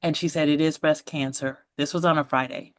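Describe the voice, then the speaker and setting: A woman in her forties, her voice on the low side, tells her own story as a podcast guest. She is animated, laughs often, and slips into the voices of the people she quotes. The sound is dry and close, with no room around it. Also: brisk, no room sound. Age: 40s.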